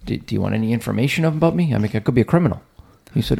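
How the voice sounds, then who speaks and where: A man's voice: mid-range voice, gravelly. A man, hosting a podcast and telling a rambling story, acting out what people said. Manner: rambling storyteller, quick and animated, acts out quotes. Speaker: podcast host. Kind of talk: casual chat.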